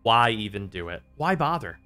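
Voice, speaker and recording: His medium-pitched voice is clear and resonant, delivered at normal speed with faint music in the background. The man runs a gaming stream, ranting casually and swearing heavily, sounding exasperated and animated.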